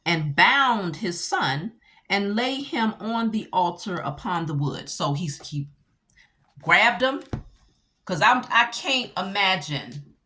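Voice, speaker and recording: A woman teaching scripture casually, animated and full of rhetorical questions. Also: medium pitch, slow. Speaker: Bible teacher.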